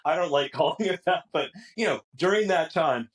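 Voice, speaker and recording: A man's voice: fairly high pitch, moderate pace, slightly rough. A man as a guest on a business interview, talking casually and loosely. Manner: relaxed, many fillers and restarts. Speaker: guest, technology executive.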